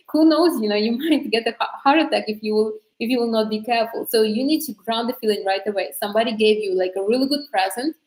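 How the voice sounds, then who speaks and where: Medium-pitched and a little mellow, a woman coaches casually about manifesting, laughing often and constantly correcting herself with plenty of fillers. The sound is roomy and of poor quality.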